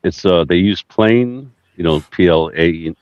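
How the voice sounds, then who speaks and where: A man's voice: sits low, a little slow, dry recording, muffled recording. A man in a casual podcast chat, asking questions and reading things he looked up. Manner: questioning, reads from search results.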